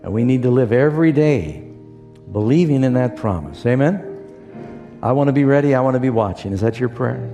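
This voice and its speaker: Male preacher, mellow gravelly voice, storytelling sermon with acted-out quotes, church hall reverb. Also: mid-range voice, expressive, brisk, faint music behind. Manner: storytelling with acted-out quotes, asks the congregation questions. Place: church sanctuary.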